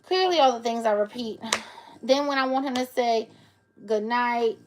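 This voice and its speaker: A woman's voice: fairly high pitch, normal speed, noisy background. A woman chatting on a live stream, playful and cooing at her pets in baby talk. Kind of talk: casual live-stream chat.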